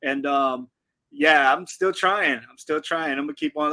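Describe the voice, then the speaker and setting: A man's voice: medium pitch, moderate pace, sharp tone. A man talking as a guest on a livestream chat, laid-back and rambling, full of ums and giggles.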